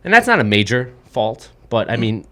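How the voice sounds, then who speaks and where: A man's voice: medium pitch, sing-song, moderate pace, sharp tone. A man hosting a podcast, ranting in casual, profane chat about a movie he disliked. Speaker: podcast host.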